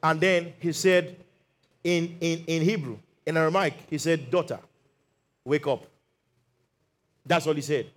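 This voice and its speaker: High-voiced animated preacher. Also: male voice, normal speed. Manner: animated storytelling, acts out Bible quotes; calls for hallelujah and amen. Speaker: pastor. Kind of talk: sermon.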